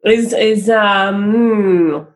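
A woman's voice: medium pitch, very slow. A woman co-hosting a podcast, chatting casually and sympathizing with her friend. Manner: sympathetic, gives short agreeing replies. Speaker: podcast co-host. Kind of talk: casual chat.

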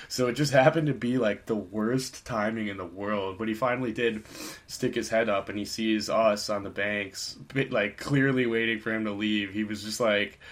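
Laid-back rambling man, low voice. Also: fairly bright tone. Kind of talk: casual chat, telling a story.

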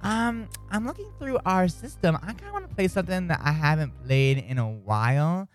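A man's voice: high-pitched, sing-song, fairly quick, faint music behind. Upbeat chatty male radio host. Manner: upbeat, chatty, with stammered restarts. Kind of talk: morning radio banter.

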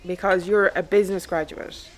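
Speaking at a normal speed with fairly even intonation, this Irish-accented woman has a lowish, nearly everyday voice. She's acting in an audio drama as an irritated, blunt space fleet commander, sharp and exasperated, with plenty of swearing.

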